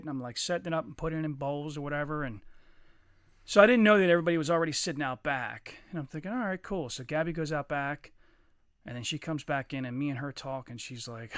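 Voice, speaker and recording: A man's voice: a little high, brisk, smooth, no echo, studio quality. A man casually telling a long, profane story on a podcast, mimicking the people in it. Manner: profane, animated, mimics others mid-story. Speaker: podcast co-host.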